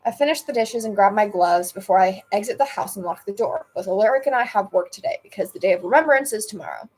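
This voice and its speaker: A young woman on a live stream reads her own story aloud, her voice sitting at an ordinary middle pitch. She often trips over a phrase and restarts it, mixing the reading with casual asides. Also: lively intonation, fast talker, darkish tone, husky, low-quality recording. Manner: stumbles and corrects herself mid-sentence.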